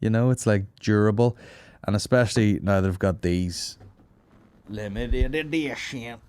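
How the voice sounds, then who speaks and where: A man's voice: lowish voice, measured pace, darkish tone, clean tone, no room sound. A man hosting a podcast, chatting casually with lots of swearing and joking. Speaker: podcast host. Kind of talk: casual chat.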